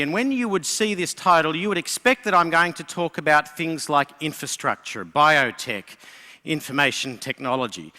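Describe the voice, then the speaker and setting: A man giving a lively conference talk from a stage, telling stories and speaking to the audience. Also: fairly high pitch. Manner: lively storyteller, voices characters in jokes. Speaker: keynote speaker. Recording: long hall reverb.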